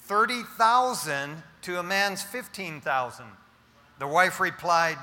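A man's voice: sits high, animated, slow pace, pushed and bright, long reverb tail. A male pastor preaching a sermon, telling jokes with playful asides to the congregation.

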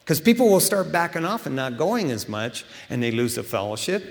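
A middle-aged man preaching a sermon in a casual, animated storytelling way, acting out quotes. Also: on the high side, fairly quick, gravelly, big-room sound. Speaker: pastor.

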